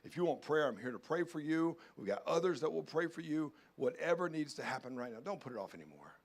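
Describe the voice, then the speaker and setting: Pastor preaching, hushed to fervent. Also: male voice, fairly high pitch, expressive, quick pace. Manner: swings from hushed pleading to loud urgent calls. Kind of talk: sermon.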